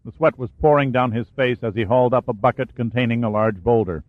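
A man reading a war thriller aloud as an audiobook narrator, in steady storytelling. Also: mid-range voice, fairly quick, few pauses, dry recording. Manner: steady storytelling, lifts and raises his voice for shouted dialogue. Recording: dry, tinny phone-like sound.

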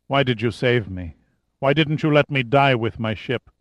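A man's voice: medium pitch, moderate pace, no echo, close to an everyday voice. Man voicing broken ship captain, distant, muttered, audiobook. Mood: despairing. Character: shattered male ship captain in shock.

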